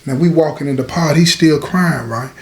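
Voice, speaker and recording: A man's voice: on the high side, normal speed, reverberant. A man telling listeners a prison story, talking to them directly and repeating phrases for effect. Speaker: storyteller host.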